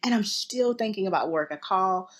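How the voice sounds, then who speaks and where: A woman's voice: medium pitch, normal speed. A woman guest on an interview show, telling a personal story casually and animatedly. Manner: animated, acts out quoted voices. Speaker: interview guest, yoga teacher.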